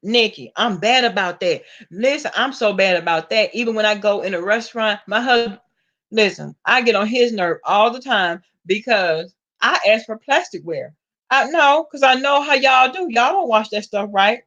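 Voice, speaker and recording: A woman with a Southern US accent telling stories in a sassy, animated way, laughing often. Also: on the high side, moderate pace, highs cut off. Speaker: vlogger. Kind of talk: casual storytelling.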